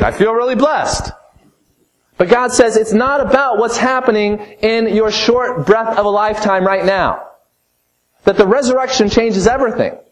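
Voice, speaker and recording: A man preaching an expository sermon in a fairly high voice. He is emphatic, pushing some phrases up and out and dropping others low and quiet. He speaks as a pastor walking through a scripture passage. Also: poor audio.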